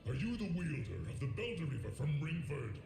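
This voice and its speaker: Vengeful knight in a game, shouty and theatrical, roomy echo. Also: male voice, fairly high pitch, sing-song, a little fast, vocal fry, soft background music. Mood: accusing. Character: vengeful knight seeking revenge, proud and furious.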